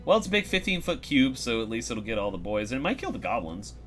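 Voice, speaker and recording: Swearing, lively-voiced tabletop player. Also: male voice, medium pitch, quick pace, faint music behind. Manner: profane, joking. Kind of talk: casual game-table banter.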